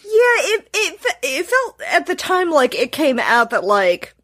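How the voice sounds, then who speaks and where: A woman's voice: high-pitched, very animated, unhurried, a bit bright. A young woman co-hosting a podcast, chatting casually and trading dry, wry quips. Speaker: podcast co-host. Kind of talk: casual chat.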